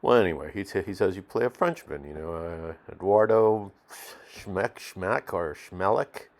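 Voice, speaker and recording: A man's voice: sits low, a little slow. A man playing a streetwise, cigar-smoking male non-actor who rambles in slang with lots of fillers in a mock documentary interview. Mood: grumbling.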